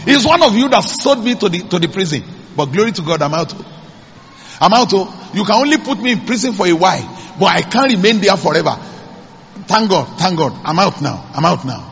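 A man's voice: high-pitched, expressive, brisk, fairly bright tone, a little hiss or hum. A man, preaching a sermon as pastor and calling out to the congregation. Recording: echoey church hall.

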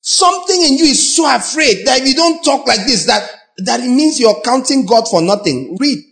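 A Nigerian pastor preaching in a lively, theatrical way. His voice sits high for a man, and he jumps between mocking little voices and sudden shouts. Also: normal speed, creaky. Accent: Nigerian English. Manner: animated, acts out voices and mocks, sudden shouts. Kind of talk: sermon.

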